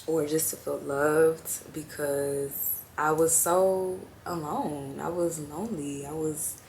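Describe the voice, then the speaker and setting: A young woman talks straight to the camera in a slow, heartfelt confessional, her voice low and gravelly. She trails off into fillers and sounds tearful at times, with faint noise behind her. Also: a little mellow. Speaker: vlogger. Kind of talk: personal confessional talk to camera.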